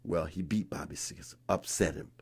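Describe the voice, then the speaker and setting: A man in his sixties from North Carolina, a guest in a conversation, telling a story in an animated way and re-enacting scenes with rising emphasis. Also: sits low, moderate pace, husky. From North Carolina, USA. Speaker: interview guest.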